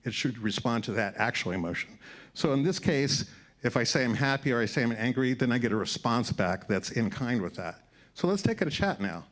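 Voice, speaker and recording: A man's voice: mid-range voice, sing-song, fairly quick. Upbeat man giving a tech talk. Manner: upbeat, explanatory, walks through slides. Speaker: conference speaker. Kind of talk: short-format tech presentation. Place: event room before a live audience.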